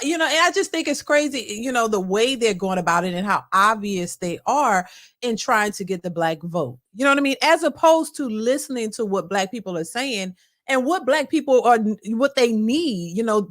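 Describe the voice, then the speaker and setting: A woman with a somewhat high voice hosts a reaction show and talks through her view in casual commentary. She speaks earnestly, stumbling into restarts and fillers as she goes. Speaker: reaction channel host.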